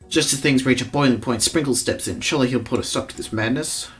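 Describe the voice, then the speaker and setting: A man's voice: medium pitch, fast talker, hardly any pauses, fairly bright tone, soft background music. A man playfully reading a game's story aloud and joking about it. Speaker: let's player. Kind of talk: playful game narration.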